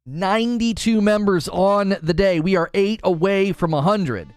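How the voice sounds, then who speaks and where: A man hosting a casual live stream, animated and jokey, often yelling. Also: high voice, a little slow, clear, resonant tone, no echo, studio quality.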